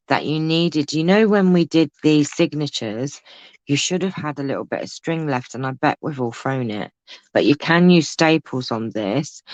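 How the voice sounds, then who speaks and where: A woman's voice: low voice, no echo, poor audio. A woman hosting a casual craft livestream from home, chatting to viewers and reading out their comments with teasing asides. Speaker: craft host.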